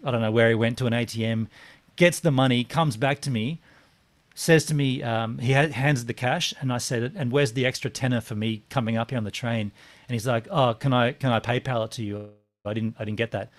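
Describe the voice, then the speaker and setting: A man, co-hosting a casual chat and telling a story with lively acted-out quotes. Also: medium pitch, a little fast. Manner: animated storyteller, acts out quotes, swears. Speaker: podcast co-host.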